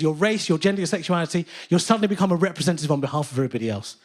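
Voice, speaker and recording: Man, from England, 30s, stand-up comedian, theatre stage, high voice, very lively pitch, animated indignant storytelling. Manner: animated storytelling, bursts into loud indignant rants. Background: audience laughter.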